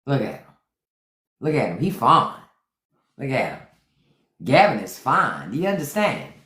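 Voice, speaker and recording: A woman's voice: a bass voice, sing-song, unhurried, a bit bright. Sassy woman hosting a livestream. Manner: sassy, playful, repeats lines for effect. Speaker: livestream host. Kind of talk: casual comedic commentary. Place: indoors, phone livestream. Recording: roomy echo.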